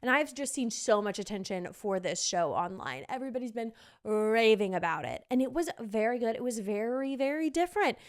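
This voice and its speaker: A young woman hosts a casual podcast, gushing about shows she has seen. Her voice sits fairly high and comes across smooth and clear, with plenty of fillers. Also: expressive, a little fast. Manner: chatty, gushing, many fillers. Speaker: podcast host. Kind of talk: casual theater review chat.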